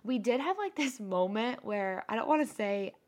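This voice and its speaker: A young woman co-hosts a podcast, chatting casually and telling a story packed with swearing. Her voice sits on the high side, animated, at a moderate pace.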